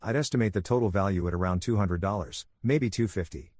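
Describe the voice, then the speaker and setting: A man's voice: on the low side, fast talker, darkish tone, no echo, clean studio sound, lightly acted. A man voicing a polite woman in her fifties who appraises jewelry, speaking carefully and professionally.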